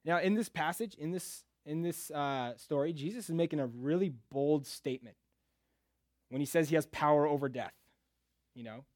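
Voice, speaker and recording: A man preaching a casual, joking sermon in a relaxed conversational way. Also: a little high, moderate pace, no room sound, studio quality.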